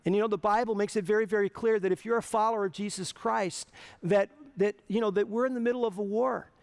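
A male pastor delivers a sermon with a high-pitched voice that is smooth and resonant. He talks earnestly and conversationally, often stumbling and restarting his phrases as he goes. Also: steady tone, quick pace.

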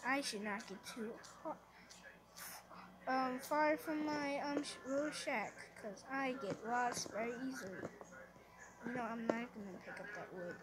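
A woman's voice: fairly high pitch, measured pace, background noise. A young woman giving casual commentary while she plays a game, chatty and easily flustered, often talking to the creatures on screen. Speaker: gamer.

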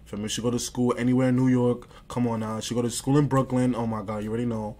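A man's voice: mid-range voice, little pitch movement, fast talker, dark tone. Slangy young man streaming, muttering boasts. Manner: slangy, boastful, repeats phrases, often drops to a mutter. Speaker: livestreamer. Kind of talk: casual stream chat, reading and answering chat.

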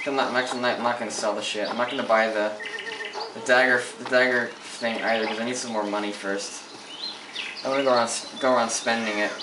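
A gameplay commentator talks over a role-playing game in a mid-range, steady voice at a quick pace, swearing and ranting in frustration. The mic is distant and echoey, with loud game audio and ambience behind him.

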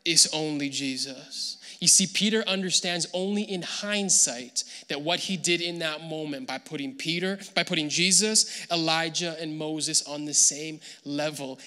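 A man preaching a sermon as pastor, animated and acting out the people he quotes. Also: a little high, normal speed, hardly any pauses, in a large hall. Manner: animated, acts out quoted voices. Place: church hall.

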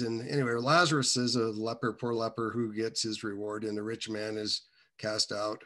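A man sharing his personal faith testimony in a casual, halting way, with many restarts and side turns. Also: fairly low pitch, flat delivery, sharp tone.

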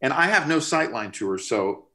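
A middle-aged man, a record producer, telling an animated story in a casual interview. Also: mid-range voice, normal speed. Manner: animated, expressive, pushes to sudden bursts. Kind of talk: storytelling anecdote in casual conversation.

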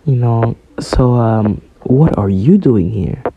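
A man's voice: mid-range voice, animated, slow, phone-quality sound, a little hiss or hum. A man voicing a cheerful, carefree young male pirate captain in a fan-made story, speaking in an easygoing, offhand way.

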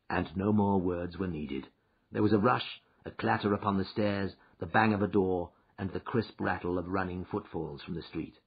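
A man narrating a classic story in a measured storytelling manner. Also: low-pitched, husky. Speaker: audiobook narrator. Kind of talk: scripted narration. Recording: dull lo-fi recording.

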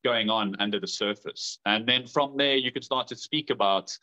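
A man who works as a therapist and coach, answering questions in a measured, thoughtful way. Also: mid-range voice, bright, forceful tone. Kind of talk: casual chat. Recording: dull lo-fi sound.

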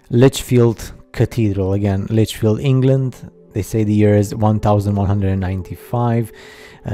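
Halting skeptical man, dark voice. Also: lowish voice. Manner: halting, skeptical, many fillers. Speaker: video narrator. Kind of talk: casual voice-over over slideshow.

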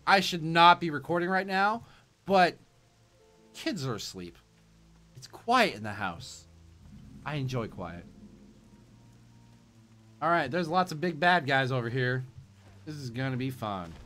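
A man streaming gameplay late at night from a quiet home, sleepy and punchy, rambling and joking to himself as he plays. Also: fairly high pitch, expressive, measured pace, pauses often, faint music behind. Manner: rambling and jokey, talking to himself. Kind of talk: casual gameplay commentary.

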